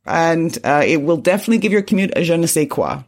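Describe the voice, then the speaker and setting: A woman co-hosting a podcast in casual chat, playful and quick to laugh. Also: sits low, animated, a little mellow. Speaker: podcast co-host.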